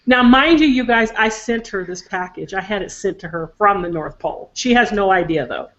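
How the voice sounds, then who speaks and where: A woman's voice: medium pitch, moderate pace, fairly bright tone, muffled recording. An older woman telling a heartfelt family story in casual chat on a video call, emotional and talkative. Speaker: psychic show co-host.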